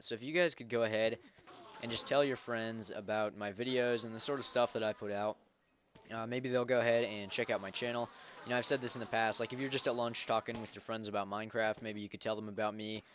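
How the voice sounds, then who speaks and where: A man's voice: on the low side, little pitch movement, quick pace, fairly bright tone, slight background noise. A young man hosting a game server, giving casual gameplay commentary in a rambling, self-correcting way. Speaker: Minecraft server host.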